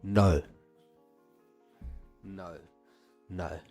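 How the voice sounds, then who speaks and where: A man chatting casually to his viewers during a live stream, excitable and laughing, swearing freely and using street slang. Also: low voice, very slow, vocal fry, no room sound, soft background music. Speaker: livestreaming forex trader.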